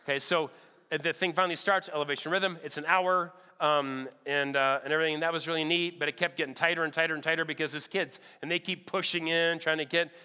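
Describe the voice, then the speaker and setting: A man preaching, telling a lively story and acting out the people in it. His voice is slightly high, bright and forceful, with a smooth, resonant tone. It rings out with the long reverb of a large hall. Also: quick pace. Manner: animated, acts out other people's lines. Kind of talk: sermon storytelling.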